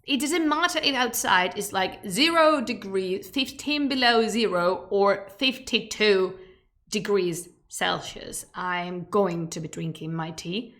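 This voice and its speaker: A woman's voice: medium pitch, takes it slowly, fairly bright tone. A woman whose first language is Spanish, a streamer chatting playfully before starting a history lecture, with emphatic, wandering asides. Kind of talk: casual chat leading into a history lecture.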